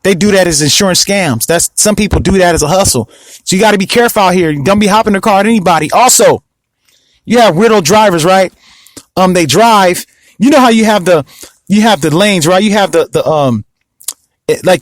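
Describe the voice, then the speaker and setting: A man's voice: high voice, no echo, rough recording. A man hosting a podcast, talking in a rambling, emphatic monologue full of restarts and asides to the listener. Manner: rambling, repeats himself, lots of restarts; emphatic, asks the listener often. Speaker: podcast host. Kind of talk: casual monologue.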